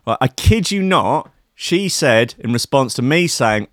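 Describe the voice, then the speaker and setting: A man's voice: medium pitch, lively intonation, measured pace, hardly any pauses, no echo, studio quality. A man telling a comic anecdote in a wry, rambling, sarcastic way. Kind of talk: comic storytelling monologue.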